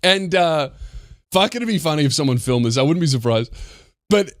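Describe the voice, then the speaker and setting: A man's voice: a little high, animated, moderate pace, dry recording, clean studio sound. A man who hosts a podcast, telling a comedic story in a heated, profane way with frequent restarts. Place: podcast studio.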